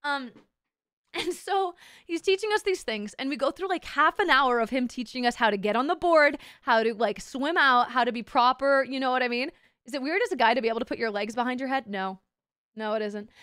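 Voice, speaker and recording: A woman's voice: high-pitched, brisk, a bit bright, clear, resonant tone, dry recording, clean studio sound. A young woman streaming as a VTuber, telling a story in casual chat, bubbly and giggly and swearing constantly.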